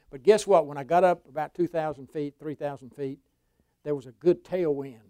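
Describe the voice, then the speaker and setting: A pastor preaching in a folksy storytelling voice, pitched a little high for a man. He drops to a hush and then rises to a shout. The sound is dry and close-miked. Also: no room sound. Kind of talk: sermon testimony.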